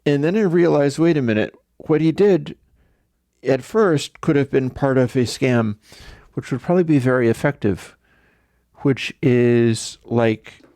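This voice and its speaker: Telling a meandering story to his livestream audience in casual, conversational chat, this host speaks a little slowly. His voice is mid-range and dark, and the recording is dry with clean studio sound.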